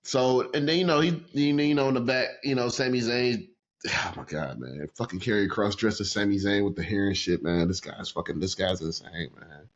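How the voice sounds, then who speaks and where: A man co-hosting a casual wrestling podcast, talking in a profane, excitable way and laughing often. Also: lowish voice, normal speed, dull audio. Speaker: podcast co-host.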